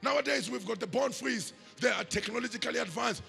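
South African man, pastor, sermon, call-and-response preaching, very gravelly rough voice, high pitch, long hall reverb, faint music. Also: fast talker, pushed and bright.

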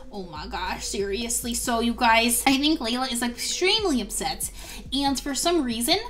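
A woman narrating a life-sim game as a gaming video host, excitable and chatty. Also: high voice. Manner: excitable, gasps and laughs often. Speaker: gaming youtuber. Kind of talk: let's play commentary.

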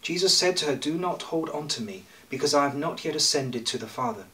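Bright-voiced male priest preaching a sermon. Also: fairly high pitch, lively intonation, recorded from a distance, rough recording. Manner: measured preaching with jokes and pauses. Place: church.

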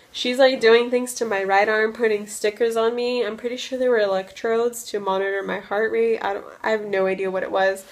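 Young woman vlogger, chatty and rambling, mid-range voice. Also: medium pitch. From Russia. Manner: chatty, many "like" fillers. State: a little loopy from medication. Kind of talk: casual storytelling vlog.

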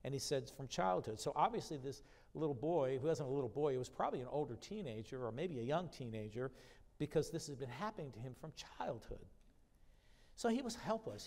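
A pastor delivers a sermon in a fairly high voice that rings through a church with a long reverb tail. He reads scripture with rising emphasis, then drops into plain, conversational explanation. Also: a little mellow. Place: church sanctuary.

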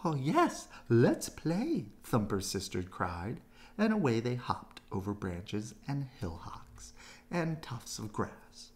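A man reading a children's storybook aloud, gentle and expressive. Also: lowish voice. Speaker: storybook reader.

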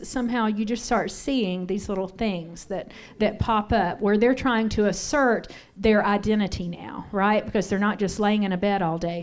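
A middle-aged woman giving a candid, conversational sermon on parenting in a church, telling a personal story and asking the audience questions. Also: medium pitch. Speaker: pastor's wife teaching on parenting. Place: church sanctuary.

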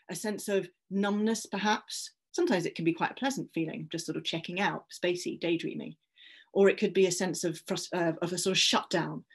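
A woman with an English accent giving an online science talk, gently reassuring listeners and inviting them to breathe. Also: on the low side.

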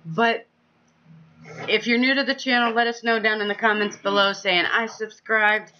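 A woman's voice: on the high side, fairly even intonation, moderate pace, bright, forceful tone, highs cut off, a little hiss or hum. A woman in her forties from northeast Ohio co-hosting a family gaming channel, wrapping up in a playful, upbeat chat that plugs the channel. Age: 40s. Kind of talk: casual channel outro chat.

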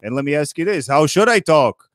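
A man playing Moses as a grumpy old Brooklyn man, hosting a comedy roast with sarcastic rapid-fire jokes. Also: a little high, animated, fairly bright tone, no echo. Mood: kvetching. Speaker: roast host.

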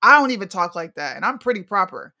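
A woman's voice: medium pitch, sing-song, fast talker, bright, forceful tone, no room sound, clean studio sound. A woman co-hosting a casual chat stream, blunt and outspoken, with lots of slang. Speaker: co-host.

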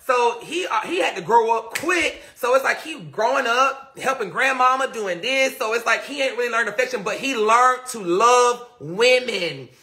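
A man with a high, sharply bright voice tells a story on a live stream. He is animated and laughs as he goes, talking straight to his viewers. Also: normal speed, hardly any pauses.

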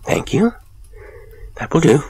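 A man voicing a high-strung professor in a high, sharp voice, pressing his questions insistently. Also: takes it slowly, close to an everyday voice. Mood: agitated. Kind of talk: audiobook character voice.

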